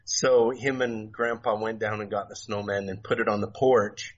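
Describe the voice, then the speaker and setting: A middle-aged man telling stories as a podcast guest, soft-spoken and halting, with many fillers and restarts. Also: lowish voice, flat delivery. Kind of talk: casual storytelling interview. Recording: dull lo-fi remote audio, faint noise.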